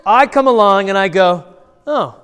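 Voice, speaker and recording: A male pastor telling a Bible story to children in a playful, animated way, asking the kids questions and acting out voices. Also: high-pitched, moderate pace. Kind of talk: lively children's sermon with audience participation. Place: large church hall. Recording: long church hall reverb.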